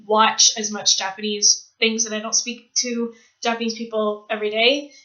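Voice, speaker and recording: A woman's voice: a little high, level tone, normal speed, bright, forceful tone, highs cut off. A woman from Canada with a Canadian accent, chatting casually on her vlog, self-mocking and laughing often, switching between English, French and Japanese. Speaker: vlogger.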